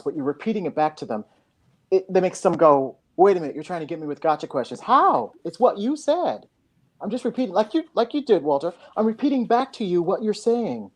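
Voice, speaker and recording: A woman's voice: lowish voice, a little mellow. A woman in a casual group discussion, talking emphatically and acting out both sides of arguments. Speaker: panel guest.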